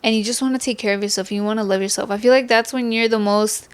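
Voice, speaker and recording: A woman's voice: medium pitch, steady tone, fast talker, smooth. A young woman hosting a podcast, talking candidly and casually, and swearing freely. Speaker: podcast host. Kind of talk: casual chat.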